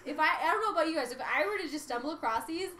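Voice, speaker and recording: A woman co-hosting a casual livestream podcast, chatty and excitable. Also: high voice, very fast, echoey room, a little hiss or hum. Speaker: podcast co-host.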